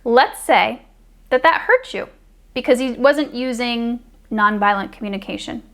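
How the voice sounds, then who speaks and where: A woman relationship coach talking straight to camera, calmly explaining, now and then acting out example lines. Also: on the high side, unhurried. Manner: calm, explanatory, acts out example dialogue. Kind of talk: direct-to-camera advice talk.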